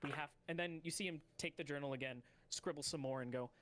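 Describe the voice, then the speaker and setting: A man running a tabletop game as game master, narrating in a halting way with many restarts. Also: on the high side, background noise.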